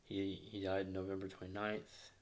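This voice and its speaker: Speaking low and completely flat, a thirtysomething guest from Northwest Arkansas with a slight local accent talks about grieving as a child in an emotional interview. He's reflective, near tears, and drops to near-whispers, slowing down when feelings rise.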